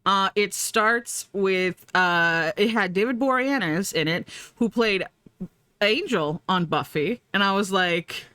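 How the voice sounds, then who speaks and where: A woman's voice: medium pitch, slow pace, pushed and bright, smooth, no room sound. A woman streamer in casual chat, rambling and profane, laughing often as she talks.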